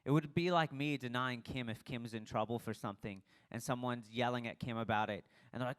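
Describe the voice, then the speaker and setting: Preaching a casual sermon, a young pastor retells scripture like a story and acts out the dialogue of its characters in a relaxed, conversational style. His mid-range voice is a bit bright, and he talks a little fast with few pauses.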